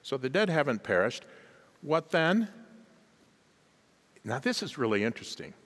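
Male guest preacher, lively rise and fall, urges the congregation to respond, long church reverb. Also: medium pitch, measured pace. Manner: emphatic, calls on the congregation to respond; chuckles at his own asides. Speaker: guest pastor. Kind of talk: sermon. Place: large church sanctuary.

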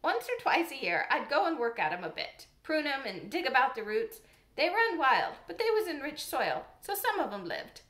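A woman voicing a gruff, cross old male gardener who talks loudly and bluntly in country speech. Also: sits high, sing-song, normal speed. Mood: grudging. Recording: roomy echo.

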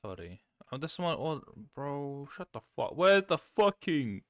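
Loud, chaotic man gaming. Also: a little high, sing-song, measured pace, no echo, clean studio sound. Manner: chaotic, swears, bursts of shouting. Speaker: streamer. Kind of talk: casual gameplay chat.

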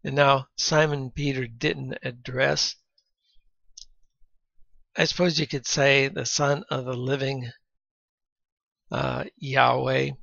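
A man giving a Bible teaching lecture, reading scripture aloud between explanations and often clearing his throat, on a dull lo-fi recording. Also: mid-range voice, level tone, takes it slowly, pauses often, a bit bright, no echo.

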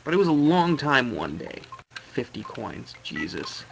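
A man's voice: medium pitch, big pitch swings, measured pace, vocal fry, poor audio. A man hosting a let's play video, giving gameplay commentary and swearing and ranting at the game. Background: game music.

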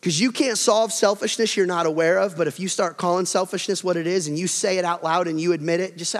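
A man preaching a sermon as pastor, animated, acting out everyday quarrels with a rising voice. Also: high-pitched, brisk. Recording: long hall reverb.

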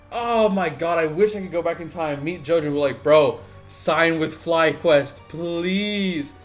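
A man's voice: high voice, a little mellow. A young man making a gaming video, ranting in an agitated, profane way. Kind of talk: profane live-reaction rant.

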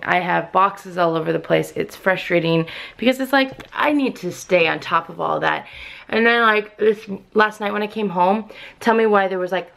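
A woman's voice: fairly low pitch, vocal fry. A young woman vlogging casually to camera, exasperated and repeating herself as she rants. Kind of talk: casual vlog talk to camera.

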